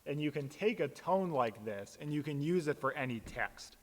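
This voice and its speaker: A man, a pastor, casually explaining how to chant psalms, relaxed and plain-spoken with frequent fillers. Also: on the high side, normal speed, in a large hall.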